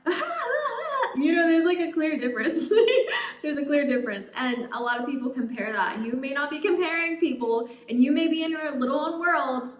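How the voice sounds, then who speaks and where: A young adult woman vlogging casual advice, chatty and expressive, acting out what other people say. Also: sits high, brisk. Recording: echoey room.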